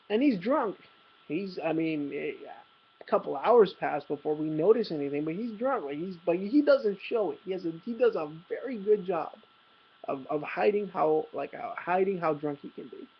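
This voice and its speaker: A man's voice: high voice, animated, moderate pace, breathy edge, muffled recording. A young man vlogging, telling a rambling, profane story about a night out with self-mocking humor. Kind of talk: casual storytelling.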